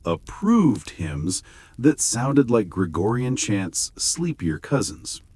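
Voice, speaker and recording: A man reading a scripted bedtime history story with wry, gently sarcastic humor. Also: mid-range voice, no room sound. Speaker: narrator.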